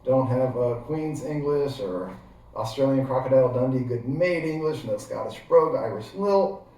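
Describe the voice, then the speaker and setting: A man's voice: medium pitch, expressive, moderate pace, warm tone. Rambling Midwestern man in echoey room. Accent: Midwestern American. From Ohio, US Midwest. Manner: rambling, digressive, chatty with many fillers. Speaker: gear how-to vlogger. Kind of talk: casual how-to demonstration. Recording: very echoey room, voice far from mic.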